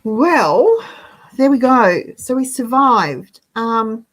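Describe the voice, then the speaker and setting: Hosting a casual live chat, a breathless woman chattily reads out viewer comments to her audience. Her slightly high voice swings widely in pitch, she speaks extremely slowly, and the audio quality is poor.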